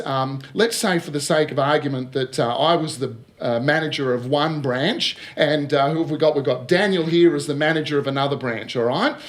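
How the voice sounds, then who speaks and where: A middle-aged man giving a casual talk on recruitment, telling anecdotes, acting out the dialogue and often checking in with his listeners. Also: fairly high pitch. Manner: lively storyteller who acts out dialogue and keeps checking with "all right?". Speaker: speaker on recruitment.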